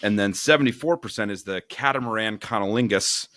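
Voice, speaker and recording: A man's voice: lowish voice, a little fast, fairly bright tone, no echo, studio quality. A man co-hosting a podcast, chatting casually and crudely about a romance novel, rambling with jokes and filler. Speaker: podcast co-host. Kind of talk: casual book review chat.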